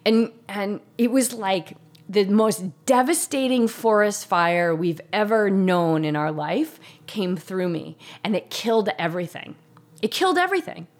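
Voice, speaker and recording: A woman's voice: medium pitch, expressive, a little slow. A woman telling a personal story in a candid, conversational way. She is earnest and emotional, with frequent fillers and restarts.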